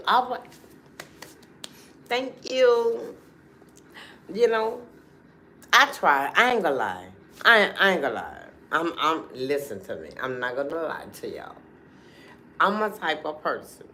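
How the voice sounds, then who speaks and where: Animated woman chatting on a livestream. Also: sits low, a little hiss or hum. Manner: chatty, animated, talks straight to viewers. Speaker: livestream host. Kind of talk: casual livestream chat.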